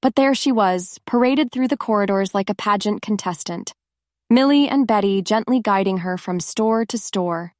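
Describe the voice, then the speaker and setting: A woman narrating a scripted story in an even, measured way. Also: medium pitch, no room sound, clean studio sound.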